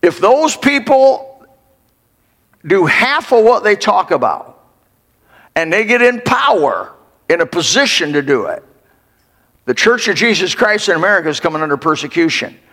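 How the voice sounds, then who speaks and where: An older man, a pastor, preaching a fervent sermon and rising to sudden shouts. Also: sits high, very animated, normal speed. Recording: long hall reverb.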